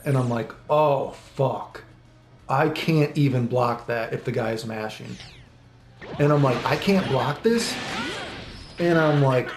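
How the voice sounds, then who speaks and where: A man's voice: medium pitch, creaky, a little mellow. A man giving casual commentary on a fighting game while playing, rambling, swearing often and quoting his own thoughts. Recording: echoey room with music behind.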